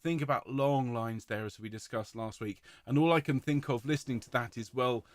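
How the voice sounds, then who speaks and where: A man's voice: medium pitch, fairly quick, dry recording. Enthusiastic male choir director, dry sound. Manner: enthusiastic, warm praise, demonstrates sung vowels. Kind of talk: online choir rehearsal talk.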